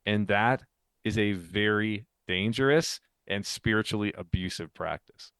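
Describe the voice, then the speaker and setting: A man's voice: fairly low pitch, a little slow, a bit bright, smooth, no echo. Talkative man teaching in a dry room. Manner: talkative, explanatory, laughs often. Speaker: podcast co-host and author. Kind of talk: casual chat with teaching.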